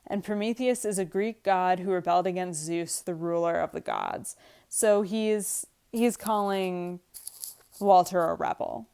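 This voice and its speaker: A woman's voice: on the low side, unhurried, vocal fry, a little mellow, smooth. A woman English teacher reading a play aloud to her class and explaining the lines in plain, casual words.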